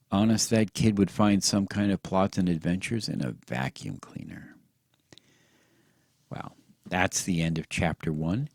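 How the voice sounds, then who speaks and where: A man with a soft, soothing manner reading a story aloud at bedtime, close to the mic. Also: sits low, a little slow, no room sound. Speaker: audiobook narrator.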